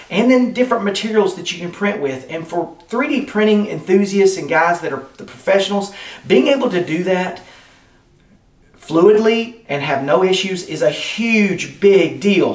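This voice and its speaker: An enthusiastic man rambles through a casual unboxing, chatting to his viewers like friends. His voice sits a little high for a man. He stands back from the mic in an echoey indoor room. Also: far from the mic. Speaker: product reviewer. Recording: roomy sound, off-mic.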